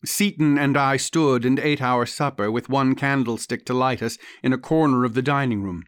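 Man, audiobook narrator, measured first-person storytelling, mid pitch, dry close sound. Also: fairly even intonation, smooth, no echo. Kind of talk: scripted literary narration.

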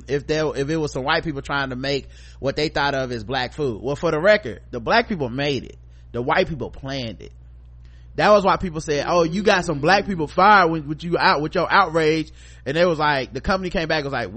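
A middle-aged man co-hosting a podcast, chatting casually and reading listener feedback, acting out stories with loud profane quotes. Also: fairly high pitch. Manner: animated storyteller, profane, acts out quotes loudly. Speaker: podcast co-host.

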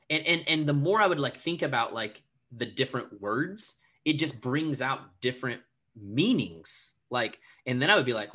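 A man in his thirties talking casually on a podcast, animated and full of filler words, acting out little quotes. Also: mid-range voice, moderate pace. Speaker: podcast guest.

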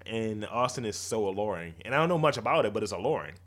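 A man's voice: fairly low pitch, animated, quick pace, fairly bright tone. A man co-hosting a casual podcast, joking and musing at length. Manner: joking, rambling, reflective. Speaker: podcast co-host. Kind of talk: casual chat.

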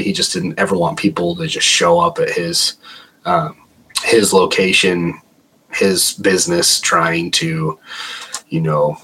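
A man's voice: deep voice, a bit bright, slight background noise, low-quality recording. A man, a paranormal investigator, casually telling a story as a podcast guest and saying "like" a lot. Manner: chatty, heavy use of "like".

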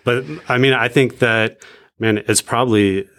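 A man sharing his faith testimony in casual chat, reflective and measured with frequent pauses and ums. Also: mid-range voice, fairly even intonation, fairly bright tone, smooth.

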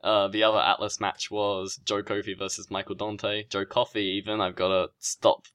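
A man's voice: lowish voice, level tone, moderate pace, a bit bright, clear, resonant tone. A man with a Southern US accent co-hosting a casual show, giving opinionated reviews and laughing often. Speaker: podcast co-host. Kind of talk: casual wrestling review chat.

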